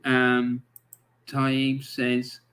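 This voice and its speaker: A man's voice: mid-range voice, monotone, drawn-out words, a bit bright. A man hosting a football livestream who reads out viewer comments and tells long, blunt anecdotes with plenty of swearing. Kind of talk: casual livestream chat.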